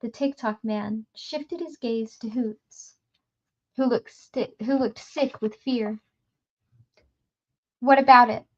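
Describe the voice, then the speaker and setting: A woman's voice: on the high side, slow, highs cut off. Woman reading a novel aloud. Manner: steady storytelling with occasional slips. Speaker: reader.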